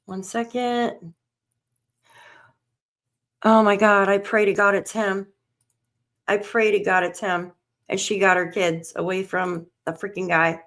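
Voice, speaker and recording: A woman's voice: mid-range voice, steady tone, unhurried, a bit bright. A woman hosting a live stream on a missing child case, anxious and shaky, talking to herself as she searches for news. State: shaken, on edge. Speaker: livestream host covering a missing child case.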